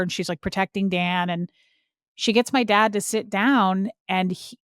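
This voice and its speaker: A woman recounts a painful memory in a plain, mid-pitched voice, talking casually with many "like" fillers. She sounds earnest and emotional. Her voice is recorded dry and close. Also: moderate pace, clear, resonant tone, no echo. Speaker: podcast guest. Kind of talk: personal storytelling.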